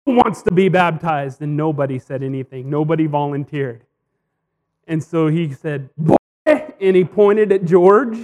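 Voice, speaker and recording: High-voiced man preaching conversationally. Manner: conversational, anecdotal preaching with frequent "right?" asides. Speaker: pastor. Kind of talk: sermon.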